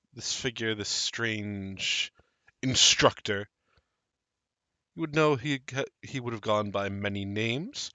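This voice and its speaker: A man running a tabletop game, telling the tale at an unhurried pace with ominous pauses. His voice is bright and forward, recorded dry on a close streaming mic. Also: fairly low pitch, no echo. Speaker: game master.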